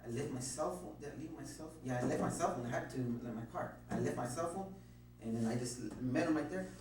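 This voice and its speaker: A man's voice: medium pitch, fast talker. A frightened man being questioned by police, stammering, repeating himself and cursing heavily as he rambles through his account. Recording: echoey room, distant mic, faint hum.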